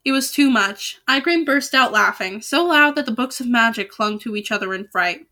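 A young woman reads a children's novel aloud in a bright, clear, slightly high voice. She slips easily into casual, joking asides between passages. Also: lively intonation, moderate pace. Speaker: storybook reader.

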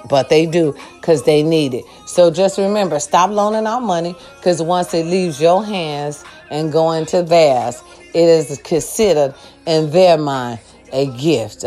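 An older woman giving a loud, sassy, profane pep talk to her followers. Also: lowish voice. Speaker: vlogger.

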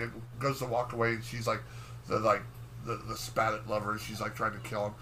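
A man's voice: on the low side, monotone, a little fast, sharp tone, slight background noise, poor audio. A man co-hosting a podcast, rambling through a profane, filler-heavy recap in casual chat. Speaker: podcast co-host.

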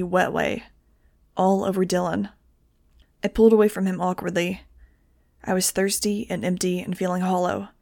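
A woman reading a novel aloud in the first person, with a steady, measured delivery. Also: on the low side, dry recording, clean studio sound. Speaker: audiobook reader.

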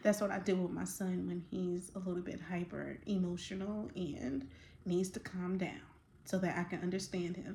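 A woman hosts a faith-based talk and speaks with open passion. She drops casual slang as she goes, breaks into quick laughs and builds excitement. The sound is roomy and echoey. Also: on the low side, a little hiss or hum. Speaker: podcast host.

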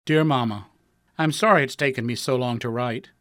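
A man reads his own heartfelt letter aloud, earnest and tender at a middle pitch. The recording is dry and close. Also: moderate pace, a bit bright, dry recording. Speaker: author reading his own work.

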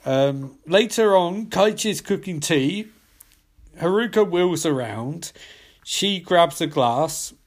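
Young guy recapping a movie, swears a lot, sarcastic, voice on the higher side. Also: lively intonation, slow. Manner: profane, sarcastic asides. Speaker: film reviewer.

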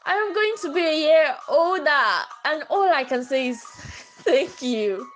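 A woman talks to her listeners in a casual solo podcast. Her voice sits fairly high and sounds a little stuffy from catarrh. She speaks earnestly, circling back to repeat phrases, with soft music faintly underneath. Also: animated, measured pace, poor audio. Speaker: podcast host.

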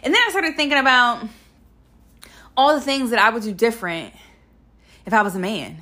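A young adult woman telling a personal story to her viewers in a casual, blunt, animated way, swearing freely and speaking straight to the audience. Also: fairly high pitch, moderate pace. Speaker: vlogger.

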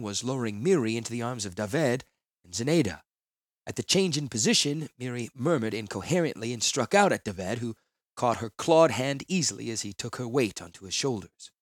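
A man narrating a fantasy audiobook in a solemn, measured manner. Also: mid-range voice, no echo.

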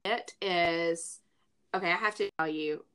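Southern woman, podcast co-host; bright, chatty, jokey, slightly stuffy. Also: lowish voice, a little slow, clear, resonant tone. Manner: chatty, joking, many fillers. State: stuffy from sinuses. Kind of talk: casual chat.

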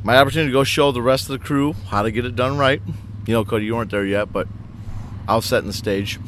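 Co-host, man, animated joking storyteller, faint background hum. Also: mid-range voice, fast. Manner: animated, joking, acts out quotes. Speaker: podcast co-host. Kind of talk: casual storytelling chat.

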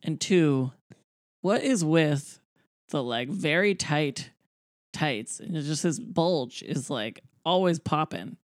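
A woman's voice: low voice, lively intonation, takes it slowly, no echo, studio quality. A woman in casual podcast chat, making wry, blunt comments about a film. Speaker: podcast co-host.

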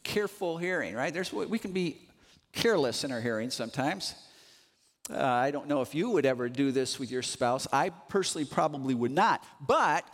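A man's voice: medium pitch, animated, moderate pace. A man preaching a sermon and reading scripture aloud, emphatic and repeating words to drive points home. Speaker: pastor. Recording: long reverb of a large hall.

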